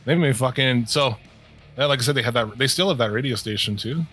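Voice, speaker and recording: A man's voice: mid-range voice, brisk, a bit bright, breathy edge, faint music behind. A man co-hosting a podcast, chatting loosely with lots of swearing, rambling and trailing off mid-thought. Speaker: podcast co-host. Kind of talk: casual profane chat.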